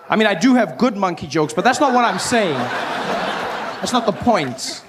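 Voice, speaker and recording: A man performing stand-up on a comedy stage, telling stories with animated, self-mocking delivery. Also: sits high. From South Africa.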